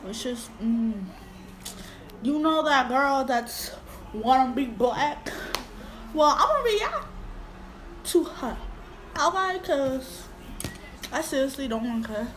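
A woman's voice: sits high, fairly bright tone, slight background noise, poor audio. A woman hosting a casual reaction video, blunt and outspoken in her commentary.

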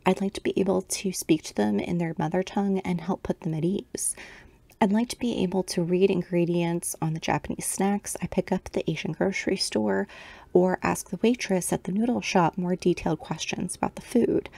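A woman's voice: lowish voice, steady tone, brisk, gravelly, warm tone, no echo. A middle-aged woman talking in an earnest, explanatory way while knitting, in a casual personal video. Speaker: knitting vlogger.

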